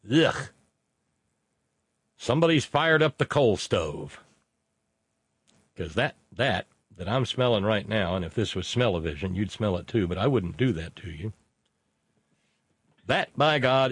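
A man's voice: sits low, breathy edge, dry recording. A man hosting a live radio talk show from a studio, chatting casually in a blunt, jokey way.

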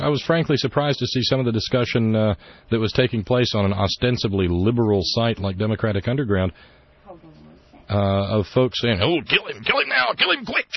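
A man's voice: lowish voice, highs cut off. A man hosting a talk radio show, with wry, rambling opinion talk and sarcastic asides, at a studio microphone.

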